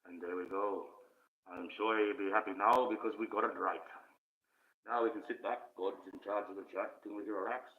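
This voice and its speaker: A man from Australia on a livestream, talking in an ominous put-on voice instead of his real one and rambling slowly about spiritual ideas. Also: on the low side, steady tone. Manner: slow, rambling spiritual musings. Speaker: live streamer. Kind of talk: casual spiritual monologue on a livestream. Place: indoors, speaking under a mask by candlelight. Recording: tinny phone-like audio.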